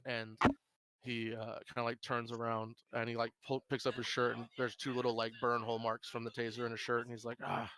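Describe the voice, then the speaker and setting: A man's voice: mid-range voice, monotone, a little fast, pushed and bright, poor audio. Rambling man narrating as game master. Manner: rambling, many fillers and restarts. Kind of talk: improvised tabletop narration.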